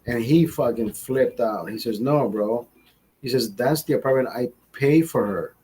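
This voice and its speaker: Profane husky man in his forties. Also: mid-range voice, normal speed, poor audio. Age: 40s. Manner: profane, animated, acts out quoted voices. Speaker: podcast host. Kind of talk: crude storytelling monologue. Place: studio.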